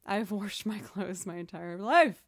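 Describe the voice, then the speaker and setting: Woman, young adult, from Massachusetts, casual livestream chat, self-deprecating, middle pitch. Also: unhurried. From outside Boston, Massachusetts. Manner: chatty, self-deprecating, reads chat aloud. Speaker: streamer and musician.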